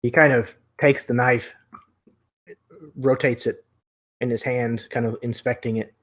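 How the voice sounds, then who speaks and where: A man's voice: mid-range voice, level tone, unhurried, a bit bright. A man playing a tabletop game, casually describing what his character does. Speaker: player.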